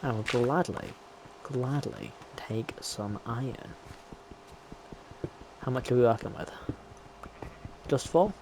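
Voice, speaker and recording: A gameplay streamer chats away to himself as he plays, giving casual running commentary. His mid-range voice is gravelly, and he speaks slowly with long pauses. Background noise is audible.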